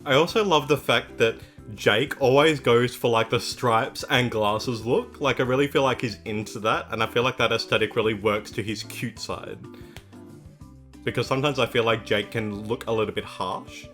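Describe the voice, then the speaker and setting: A man's voice: mid-range voice, normal speed, a bit bright, soft background music. A young man hosting a K-pop reaction video, chatting casually and gushing with upbeat enthusiasm, filling his talk with "like". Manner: gushing, upbeat, heavy use of "like".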